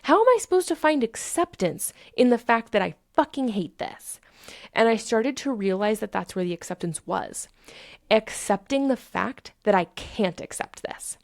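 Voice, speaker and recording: A woman's voice: mid-range voice, gravelly, no echo, clean studio sound. Candid, swearing woman podcaster. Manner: candid, swears freely, emphatic repetition. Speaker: podcast host. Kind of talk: self-help podcast monologue.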